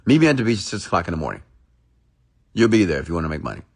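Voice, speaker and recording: A man doing a stern, calm mentor. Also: low voice, rapid-fire, husky, heavily acted.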